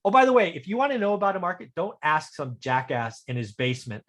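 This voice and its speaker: This Fresno, California podcast host speaks fast in a slightly high, fairly bright voice with big swings in pitch. Joking and chatty, he spins stories about investing in a casual podcast conversation.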